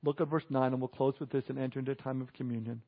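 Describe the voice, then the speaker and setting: A man's voice: mid-range voice, steady tone, very fast, narrow, tinny audio. A man preaching a conversational sermon, chuckling and adding asides to the congregation. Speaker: pastor.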